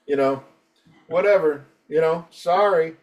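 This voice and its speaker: A man's voice: fairly high pitch, unhurried, recorded from a distance. A man hosting a podcast, chatting loosely and joking with plenty of swearing. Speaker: podcast host. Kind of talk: casual podcast chat.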